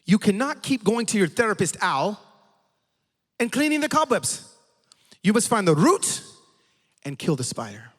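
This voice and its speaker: A man's voice: sits high, sing-song, moderate pace, long pauses, fairly bright tone, big-room sound, voice pushed up, heavily acted. A man doing a firm, wise old preacher dad. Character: older fatherly preacher dad, wise and insistent.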